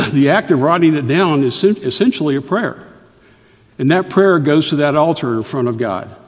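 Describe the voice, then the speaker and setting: A middle-aged male pastor delivering a sermon in an earnest, deliberate way, often stopping to explain a point. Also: a little high, lively intonation. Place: church sanctuary. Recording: reverberant church hall.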